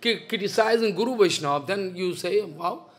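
A man's voice: high voice, animated, a little slow, fairly bright tone. Impassioned older man scolding in a lecture. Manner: impassioned, scolding, repeats rhetorical questions. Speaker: spiritual teacher. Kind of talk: devotional lecture.

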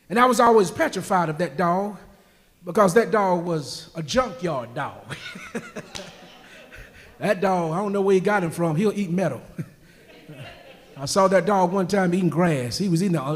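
Pastor guy preaching in a big church, really high voice, swings from soft to shouting, long echo. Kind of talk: preaching a sermon. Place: large church sanctuary.

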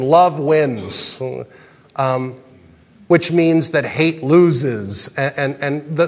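A man's voice: high-pitched, long reverb tail. A male pastor preaching a sermon in an earnest way, often repeating words as he presses a point.

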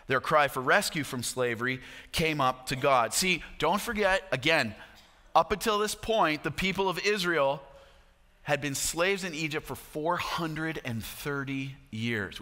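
Pastor guy preaching, super bright and forceful, long echo in the church. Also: fairly high pitch, expressive, measured pace. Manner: emphatic, repeats key phrases. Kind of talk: sermon.

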